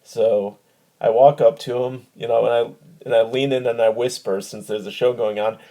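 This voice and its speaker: A man hosting a podcast, telling stories and asking questions in a relaxed, easygoing way. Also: mid-range voice, moderate pace. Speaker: podcast host. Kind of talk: casual chat and storytelling.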